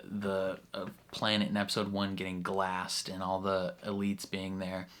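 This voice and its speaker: A man's voice: lowish voice, a bit bright. A young man casually recapping a show episode, chatty, laughing often and full of fillers. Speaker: reaction video host.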